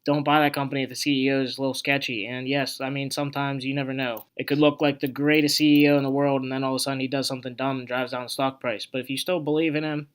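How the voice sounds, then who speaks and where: A man's voice: mid-range voice, level tone, fast talker, hardly any pauses, clear, resonant tone. A young man hosting an investing video, casually explaining a stock chart in a rambling, conversational way full of asides and filler words.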